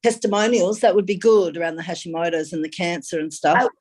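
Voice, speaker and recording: A woman's voice: on the low side, brisk, a little mellow, breathy edge. A woman on a call, asking polite, careful questions. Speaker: caller. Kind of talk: casual phone consultation.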